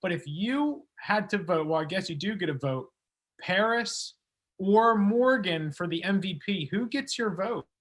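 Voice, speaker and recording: A man co-hosting an interview show, enthusiastic and chatty, talking in quick bursts. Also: sits high, expressive, a bit bright. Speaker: podcast co-host.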